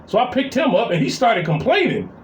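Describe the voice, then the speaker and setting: A man telling a story in a casual, profane, animated way, venting to his viewers from his workplace. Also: very high voice, a little fast. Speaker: vlogger. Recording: echoey, distant mic with faint background noise.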